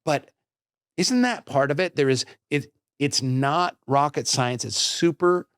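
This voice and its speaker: A middle-aged man hosting a podcast, talking in an animated, self-deprecating way. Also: on the high side, a little slow, smooth, dry recording, studio quality. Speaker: podcast host. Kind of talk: casual interview conversation.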